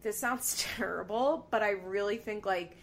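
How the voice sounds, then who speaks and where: A woman co-hosts a podcast, recapping a reality show in loose, casual chat. She speaks at an unhurried pace in a medium pitch, laughs often, and uses frequent fillers.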